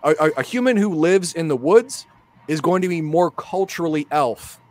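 A man's voice: fairly high pitch, expressive, normal speed, a little mellow. A man, a guest on a casual panel discussion, explaining ideas and repeating small words as he thinks.

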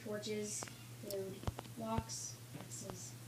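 A woman chatting casually while playing a co-op game, stubborn in her flat retorts and yelping when startled. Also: medium pitch, drawn-out words, slightly rough. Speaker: co-op gaming partner. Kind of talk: casual co-op gaming chat.

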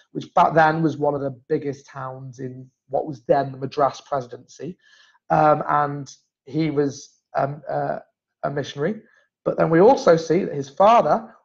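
Chatty man, gravelly, lo-fi stream. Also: fairly high pitch, darkish tone. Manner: chatty, self-correcting, frequent restarts. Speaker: genealogy presenter. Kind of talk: casual live-stream talk. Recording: dull lo-fi stream audio.

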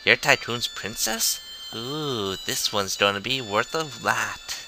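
A man's voice: mid-range voice, lively intonation, slow pace, sharp tone, slight background noise, exaggerated voice, poor audio. A man voicing a boastful male pirate captain in a campy, flamboyant put-on voice. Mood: mocking.

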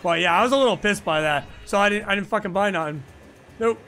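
Rambling, profane high-voiced male streamer. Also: fast, bright, forceful tone, faint music behind. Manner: rambling, profane, frequent "like" fillers. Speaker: live-stream gaming host. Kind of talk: casual chat while gaming. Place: home gaming desk. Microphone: microphone on a boom arm.

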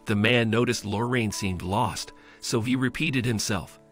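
A man giving scripted story narration in an even, steady way. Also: fairly low pitch, unhurried. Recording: faint music bed.

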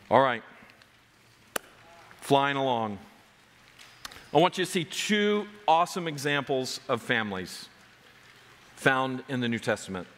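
A man's voice: medium pitch, sing-song, a little slow, pauses often, a bit bright, in a large hall. A man preaching a sermon as pastor, driving home numbered points with rising emphasis. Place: church sanctuary.

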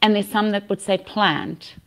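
A woman's voice: mid-range voice, normal speed, fairly bright tone. A South African woman hosts a casual news podcast. She talks in a chatty, easygoing way, laughing often and restarting her sentences. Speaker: podcast host.

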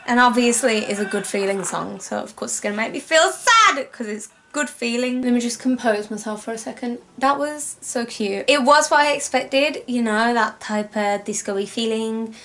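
A young woman, gushing and rambling excitedly as she reacts on camera. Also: fairly high pitch, moderate pace, few pauses. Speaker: reaction video host. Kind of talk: casual reaction commentary. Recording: faint music in the background. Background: music playing faintly.

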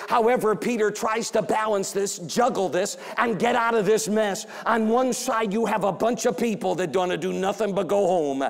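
A man's voice: high voice, lively intonation, moderate pace, gravelly, few pauses. A man preaching a revival sermon as an evangelist. He tells the story with animation, acts out the quoted voices and repeats phrases for emphasis. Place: church sanctuary. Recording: long church hall reverb.

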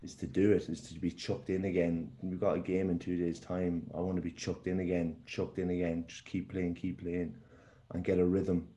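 Casting: young male footballer guest, deep, mellow, halting delivery. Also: little pitch movement. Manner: halting, repeats words. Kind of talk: casual interview.

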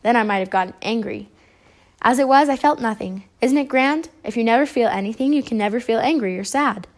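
A woman voicing a smooth, nasty male mad scientist in a storybook reading. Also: a little high, fairly quick, close to an everyday voice. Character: scheming cold-hearted male mad scientist.

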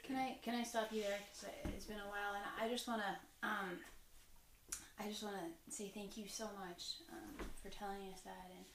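A woman's voice: mid-range voice, little pitch movement, moderate pace, gravelly. A woman interviewer framing her questions hesitantly, with many fillers and restarts. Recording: echoey room, distant mic, faint hiss.

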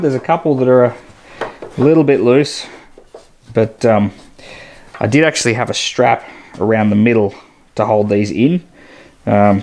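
A man's voice: medium pitch, darkish tone. Easygoing Australian man in an echoey shed. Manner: thinking aloud, self-critical, easygoing. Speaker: boat builder vlogger. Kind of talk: casual workshop commentary. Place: boat shed workshop. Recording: echoey workshop, faint background noise.

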